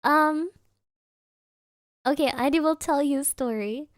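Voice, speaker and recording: High-voiced, giggly woman streamer. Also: takes it slowly, no room sound, studio quality. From Germany. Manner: giggly, laughs mid-sentence, drops Japanese interjections. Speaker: VTuber streamer. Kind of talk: casual storytelling chat.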